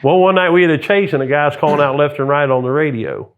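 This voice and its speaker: A middle-aged man who once worked as a police sergeant tells long stories from the job in a relaxed interview. He is lively and talkative, often slipping into the voices of officers and dispatchers on the radio. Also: fairly high pitch, quick pace, phone-quality sound. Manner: animated anecdotes, acts out radio calls and quotes. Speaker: retired police sergeant, guest. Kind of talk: storytelling in casual interview.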